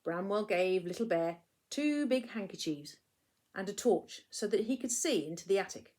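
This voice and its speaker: A woman, a primary school teacher, reading a picture book aloud to children in an expressive storytelling way, hushing for the quiet moments. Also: medium pitch, moderate pace.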